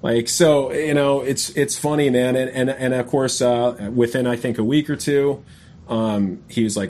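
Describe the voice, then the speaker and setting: A man's voice: mid-range voice, steady tone, measured pace, a little mellow. A man telling a long personal story in a casual podcast chat, rambling and often saying "man" and "you know". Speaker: guest.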